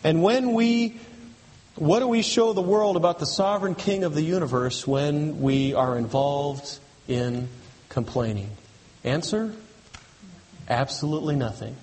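High-voiced man preaching in a reverberant hall. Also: a little slow, darkish tone. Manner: emphatic, repetitive preaching with rhetorical questions. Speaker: pastor. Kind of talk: sermon.

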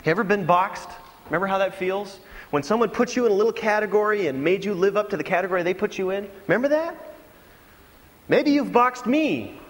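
A man's voice: high-pitched, a little fast, in a large hall. A man preaching a sermon to his congregation, telling stories and acting out mocking voices. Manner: animated storytelling with mocking impressions. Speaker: pastor.

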